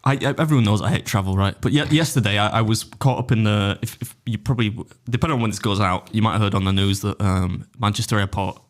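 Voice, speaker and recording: A man's voice: on the low side, fast talker, few pauses. A man telling a story in casual podcast chat, rambling and self-deprecating, with plenty of swearing. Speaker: podcast guest, food challenge YouTuber.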